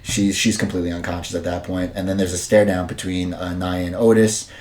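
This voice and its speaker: Man, fairly low voice, casual podcast recap, rambling, lots of ums and restarts, amused. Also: little pitch movement, a little fast, a little mellow. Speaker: podcast host reviewing wrestling. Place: dim room at home.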